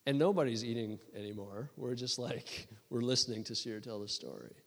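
A man preaching and telling a story to a church, with many restarts and a lively storytelling delivery. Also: mid-range voice, fairly quick, vocal fry. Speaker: guest preacher. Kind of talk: sermon storytelling. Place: church hall. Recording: long reverb of a church hall.

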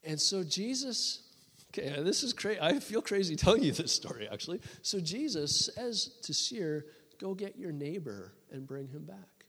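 A man preaching and telling a story to a church, with many restarts and a lively storytelling delivery. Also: high-pitched, normal speed, breathy edge. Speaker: guest preacher. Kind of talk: sermon storytelling. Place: church hall. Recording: long reverb of a church hall.

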